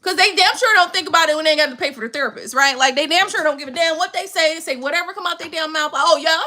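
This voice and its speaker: A woman's voice: high-pitched, rapid-fire, pushed and bright. A woman giving a tarot reading on a live stream. She talks bluntly in casual chat, swears freely and laughs often.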